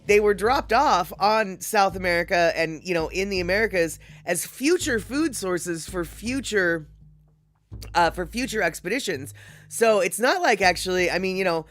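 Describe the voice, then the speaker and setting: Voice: medium pitch, expressive, moderate pace, fairly bright tone. A livestream host chatting casually and reading out viewers' comments, rambling along with lots of fillers and little laughs. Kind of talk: casual live-stream chat.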